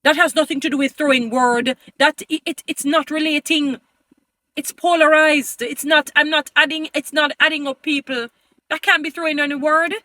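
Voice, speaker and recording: A woman's voice: sits high, fairly even intonation, moderate pace, pushed and bright, dry recording. A woman giving an emphatic, pleading opinion commentary to her viewers, often turning preachy. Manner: addresses viewers as "beautiful people". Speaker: vlogger.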